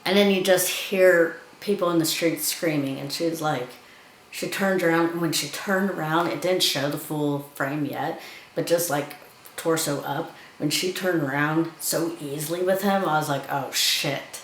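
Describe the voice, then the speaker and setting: A woman's voice: deep voice, normal speed, echoey room, a little hiss or hum, low-quality recording. A woman giving a casual film review, chattily retelling scenes and acting out the characters' lines.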